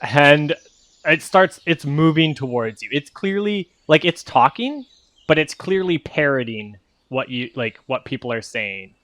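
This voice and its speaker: A man's voice: a little high, expressive, a little slow, a bit bright, dry recording. A man running a tabletop game as game master, describing things in a meandering way with many fillers.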